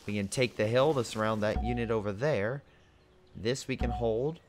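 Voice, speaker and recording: With game music playing underneath, a young man hosting a gaming video casually talks through his strategy game, musing out loud as he directs his units. He has a mid-range voice and speaks at a normal speed.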